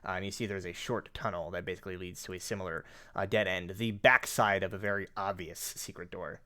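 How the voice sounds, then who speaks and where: A man narrating a tabletop game as game master, halting with frequent fillers and restarts. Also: low-pitched, fairly even intonation, sharp tone. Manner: hesitant, many fillers and restarts.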